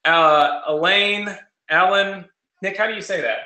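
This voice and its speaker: A man hosting a live online cash giveaway, talking fast in a rapid-fire, auctioneer-like way. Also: high voice, sharp tone. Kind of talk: live-streamed webinar talk. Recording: roomy echo.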